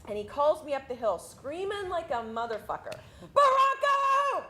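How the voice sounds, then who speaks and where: Woman veteran, lively, swooping delivery, salty casual monologue, faint hiss behind. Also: high-pitched, brisk. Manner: casual, profane storytelling with lively swings. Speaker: army veteran recounting basic training. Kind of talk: spoken monologue performance. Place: theatre stage.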